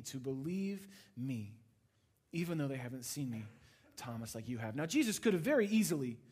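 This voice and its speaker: A man preaching a sermon, moving between animated passages and hushed, intimate ones. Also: fairly high pitch. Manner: dynamic preaching, swings from loud to hushed. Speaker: pastor.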